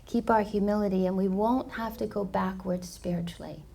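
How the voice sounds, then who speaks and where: Gravelly woman telling a spiritual parable. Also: medium pitch, normal speed, slight background noise. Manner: animated storyteller, many fillers. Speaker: co-host, spiritual teacher. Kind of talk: storytelling parable talk. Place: yoga studio.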